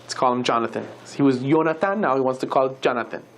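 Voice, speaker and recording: Speaking at a quick pace with an extremely low pitch, a woman gives a religious lecture. She tells a story in an animated, conversational way, full of asides.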